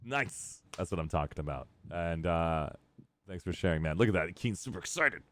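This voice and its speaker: Deep-voiced man hosting a game stream. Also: a little fast. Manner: upbeat, rambling, laughs often. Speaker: streamer host. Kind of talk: casual live-stream chat.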